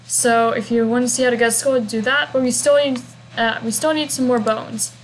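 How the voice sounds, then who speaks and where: A woman's voice: on the high side, steady tone, a little fast, slight background noise, low-quality recording. Chatty young woman narrating a game walkthrough. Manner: chatty and rambling, with humming fillers.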